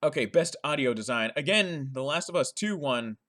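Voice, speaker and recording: A man's voice: fairly high pitch, expressive, moderate pace, fairly bright tone. A man giving casual, rambling reaction commentary, often correcting himself mid-sentence. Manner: rambling, chatty, self-correcting, with frequent laughs. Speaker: gaming commentator.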